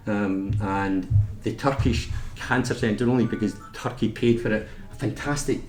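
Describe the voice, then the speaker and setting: A man's voice: fairly low pitch, a little mellow. A man with a Scottish accent, a nurse giving an informal talk about his work, chatty and full of anecdotes and restarts. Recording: echoey meeting room, faint noise.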